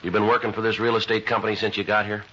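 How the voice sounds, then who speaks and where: A man's voice: lowish voice, flat delivery, rapid-fire, pushed and bright, slight background noise. An actor playing a terse male police detective who narrates and questions suspects in a clipped, matter-of-fact way, in a 1950s radio crime drama on a lo-fi old broadcast. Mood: firm questioning.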